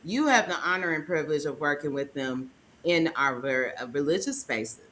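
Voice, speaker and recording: A woman co-hosting a podcast, enthusiastic and quick to jump in during casual chat. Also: low-pitched, expressive, a bit bright, a little hiss or hum. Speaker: podcast co-host.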